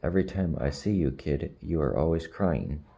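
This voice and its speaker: Guy voicing a gray blunt spirit who keeps calling the kid "kid", super low dark voice. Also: animated, moderate pace, vocal fry, slightly rough, full character voice. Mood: sighing, blunt. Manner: blunt, talks down to the child as "kid". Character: gray weary sympathetic spirit Pity.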